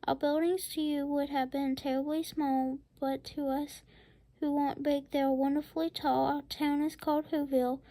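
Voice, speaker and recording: A woman's voice: high voice, flat delivery, moderate pace, dark tone, low-quality recording. A woman reading aloud as a tiny, cheerful male town mayor, earnest and grateful.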